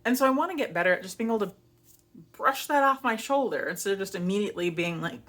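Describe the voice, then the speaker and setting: A woman's voice: medium pitch, animated, fast, fairly bright tone, a little hiss or hum. A young woman vlogger chatting casually to camera, telling stories and acting out her own flustered apologies. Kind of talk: casual chat.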